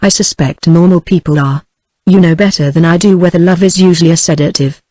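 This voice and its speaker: A woman's voice: lowish voice, steady tone, brisk, mellow, no room sound, lightly acted. A British-accented synthetic female voice reading the lines of a wry, teasing young man, without changing her voice. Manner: evenly synthesized, no character voice.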